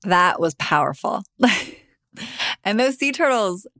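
A woman's voice: mid-range voice, sing-song, takes it slowly, pushed and bright, no echo, studio quality. A woman hosting a podcast, chatting casually and supportively with her guest. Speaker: podcast host. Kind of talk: casual interview chat.

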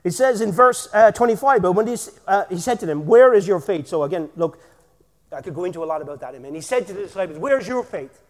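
A man preaching energetically in a church, with bursts of shouting and a constant "amen?". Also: high-pitched, fast, big-room sound. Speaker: pastor. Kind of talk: sermon.

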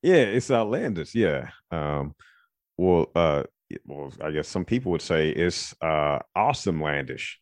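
A man hosting a podcast in casual chat, rambling and digressive as he thinks out loud. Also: extremely low pitch, very animated, unhurried, no echo, studio quality. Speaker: podcast host.

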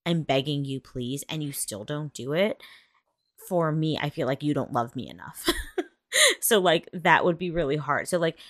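A woman with a deep, low voice chats casually about a series she is recapping. She talks with emphasis and laughs often. The sound is dry, with no room echo. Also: lively intonation, moderate pace. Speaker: podcast co-host.

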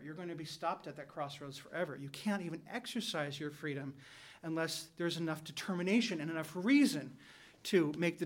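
A man co-hosting a Catholic talk show, explaining ideas in a measured way and reasoning aloud through examples. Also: fairly high pitch. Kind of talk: conversational philosophical explanation.

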